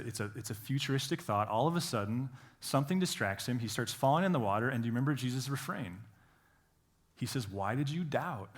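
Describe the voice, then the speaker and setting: A middle-aged male pastor giving a conversational sermon, full of rhetorical questions, restarts and lively quoted lines. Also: medium pitch. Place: church hall.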